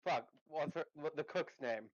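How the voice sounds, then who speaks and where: A man at a game table jokes bluntly and swears freely. His voice sits a little high for a man. His dull, lo-fi mic takes the edge off the sound. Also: normal speed, no room sound. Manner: blunt and profane. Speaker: player. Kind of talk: casual banter at a game table.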